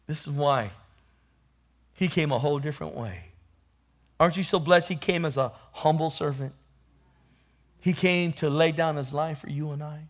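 At a moderate pace and pausing often, a man preaching rises to loud, forceful peaks and sinks back down. He repeatedly calls out to his congregation for a response.

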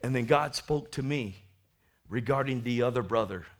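Speaking at medium pitch and a normal pace, a man preaches to his congregation, moving between quiet asides and loud, drawn-out shouts as he dramatizes the Bible story.

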